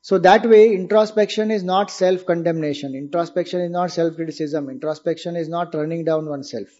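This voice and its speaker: Speaking fairly quickly at a fairly high pitch, this Indian-accented man delivers a spiritual discourse in a mellow tone over a lo-fi recording. As a teacher, he lays out his points with patience and poses rhetorical questions to the audience.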